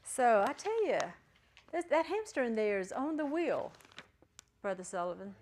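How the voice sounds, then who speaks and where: A woman's voice: fairly high pitch, sing-song, normal speed, a little mellow, slight background noise. A woman teaching a Greek class in a classroom, chatty and encouraging, joking with her students. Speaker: Greek teacher at a ministry school. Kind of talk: classroom lecture.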